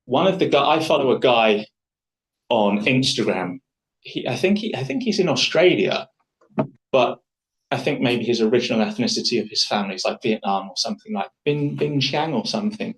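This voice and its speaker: A man's voice: medium pitch, animated, normal speed, slight background noise, poor audio. A man leading a live public speaking workshop, talking to the group in a chatty, enthusiastic way with frequent restarts.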